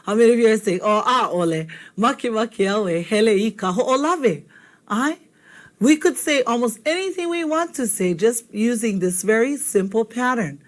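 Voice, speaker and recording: A woman's voice: fairly high pitch, lively intonation, normal speed. A woman teaching a beginner language lesson, patient and repetitive, often checking in with the class.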